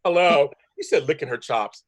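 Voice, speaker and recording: A man chatting excitedly and gushing as a panelist on a soap opera recap show. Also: mid-range voice, no echo. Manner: excitable, gushing, rapid talk. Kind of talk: casual chat.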